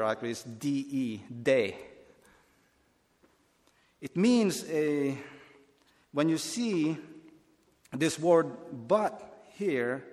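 A man's voice: on the high side, long reverb tail. A man preaching a Bible teaching sermon, earnest and explanatory, often restarting his phrases.

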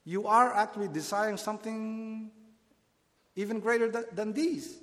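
A man's voice: high-pitched, normal speed, fairly bright tone, big-room sound. A man preaching a Bible teaching sermon, earnest and explanatory, often restarting his phrases.

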